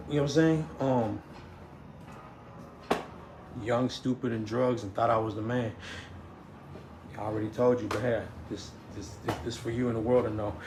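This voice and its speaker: In an echoey room with faint noise, a man with a mid-range, slightly mellow voice tells a casual story. He rambles, stammers, restarts, and keeps saying "you know what I'm saying."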